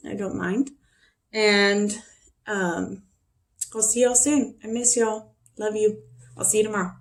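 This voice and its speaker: A woman's voice: medium pitch, level tone, unhurried. A woman teacher chatting casually to her students in a video made at home, often turning aside to talk to her dogs. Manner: chatty, talks to her dogs between remarks.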